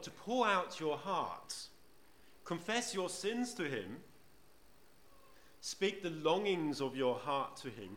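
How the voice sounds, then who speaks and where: Preacher in an echoey church. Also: male voice, a little high, fairly bright tone, slight background noise. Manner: conversational, asks the congregation rhetorical questions. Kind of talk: sermon. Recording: roomy church echo.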